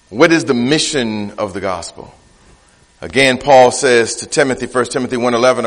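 A man preaching a sermon as pastor, emphatic and repetitive, rising to shouts. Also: medium pitch, long reverb tail. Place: church.

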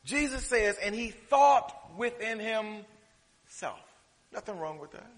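A man preaching a sermon, swinging from loud, drawn-out declarations to hushed, quick asides. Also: high-pitched, animated. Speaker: pastor. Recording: reverberant hall.

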